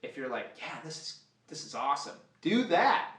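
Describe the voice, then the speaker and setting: A man's voice: on the high side, sing-song, moderate pace, fairly bright tone. Profane, rambling man teaching fly tying. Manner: rambling, profane, joking asides. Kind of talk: casual live fly-tying demo. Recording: roomy sound, mic at a distance.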